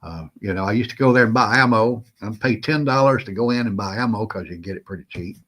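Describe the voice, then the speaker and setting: A man with a Southern US accent hosts a casual prepping livestream, greeting viewers by name in a folksy way. His voice sits on the low side and is a bit bright, and he talks fast.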